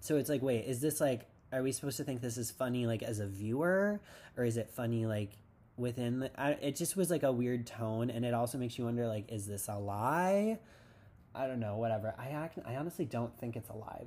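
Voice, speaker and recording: A man's voice: mid-range voice, a little fast, dark tone. A man hosting a casual TV recap podcast, rambling and sarcastic with lots of "like". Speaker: podcast host.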